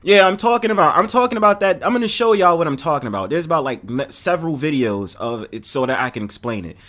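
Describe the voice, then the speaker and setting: A man hosts a casual live stream and rants to his viewers. His pitch sits a little high and jumps around constantly as he gets worked up. He talks loose and profane and keeps calling out viewers in the chat by name. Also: animated, fast talker, fairly bright tone. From New York City. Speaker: host.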